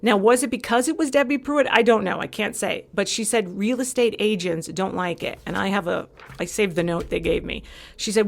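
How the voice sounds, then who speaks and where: A woman's voice: mid-range voice, a little fast, vocal fry. A woman from California, a podcast guest, telling a story animatedly and acting out both sides of each exchange. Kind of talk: casual chat.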